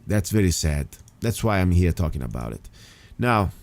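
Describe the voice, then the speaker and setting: Emphatic talk radio host, lowish voice. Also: male voice, sing-song, normal speed, a little mellow. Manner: emphatic, rambling with restarts. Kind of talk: casual talk radio monologue.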